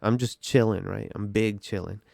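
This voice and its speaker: A man's voice: lowish voice, fairly even intonation, normal speed, creaky, a little mellow, no echo, clean studio sound. A man telling a story in a casual, rambling vlog manner, with lots of "like" and "you know".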